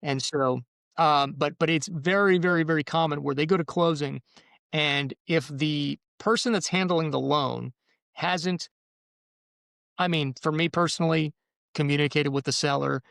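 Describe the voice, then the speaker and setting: A man's voice: on the high side, moderate pace, vocal fry, fairly bright tone, dry recording, studio quality. A man in the mortgage business explaining home deals in casual podcast chat, rambling with restarts. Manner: rambling, restarts, acts out buyer and seller quotes. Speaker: mortgage professional.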